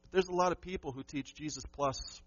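A man's voice: fairly high pitch, a little fast, dry recording, lo-fi sound. A man preaching a sermon to his church, emphatic and asking the congregation questions. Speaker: pastor.

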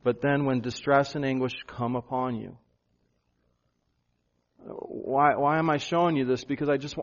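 A male pastor preaching a sermon, animated, jumping up in pitch for emphasis. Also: lo-fi sound.

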